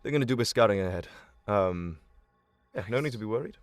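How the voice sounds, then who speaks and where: A man's voice: lowish voice, lively intonation, quick pace, no room sound, soft background music, close to an everyday voice. A man voicing a male forest guide who keeps hounds, speaking in an easygoing, reassuring way.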